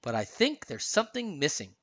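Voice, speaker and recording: A man reading a storybook aloud, voicing a calm, gentle queen who speaks kindly and steadily. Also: on the high side, brisk, exaggerated voice.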